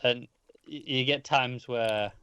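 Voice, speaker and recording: Measured man, dry and muffled sound. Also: medium pitch, fairly even intonation, fairly bright tone, smooth, dry recording. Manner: measured, hesitant, with fillers. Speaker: podcast co-host. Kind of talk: casual comics podcast chat.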